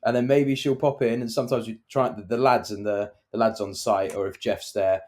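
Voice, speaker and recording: Lower-voiced man telling a story. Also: steady tone, a little fast, a little mellow. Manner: anecdotal storytelling, acts out quoted voices. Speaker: podcast co-host, property developer. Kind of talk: casual chat.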